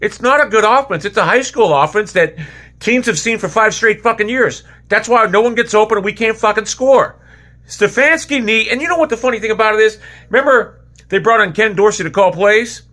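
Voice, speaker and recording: A man's voice: sits high, brisk, bright, forceful tone. A man ranting angrily as a football fan, heated and profane, repeating himself as he vents. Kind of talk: angry sports rant.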